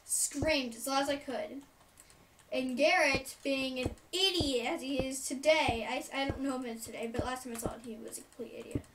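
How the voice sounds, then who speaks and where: A woman's voice: high-pitched, normal speed. A young woman telling a childhood story in a casual, rambling way, full of fillers and side remarks. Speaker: storyteller vlogger. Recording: distant mic, noisy room.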